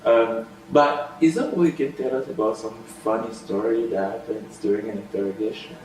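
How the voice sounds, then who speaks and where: A man's voice: lowish voice, fairly even intonation, brisk, a little mellow, a little hiss or hum. A man interviewing a guest, asking his questions hesitantly with many fillers and restarts. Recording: echoey room, voice far from mic.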